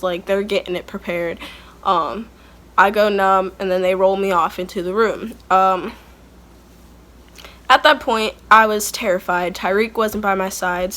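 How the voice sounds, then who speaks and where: A woman's voice: medium pitch, fairly bright tone. A young woman vlogger telling a story in a chatty, candid way, full of "like" and blunt asides. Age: young adult. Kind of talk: casual storytime. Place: at home, kids nearby.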